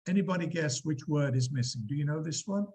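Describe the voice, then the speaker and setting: A man lecturing a university class, explaining examples with animated emphasis and quizzing students. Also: fairly high pitch, a little fast, low-quality recording. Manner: lively, quizzing students, acting out quotes.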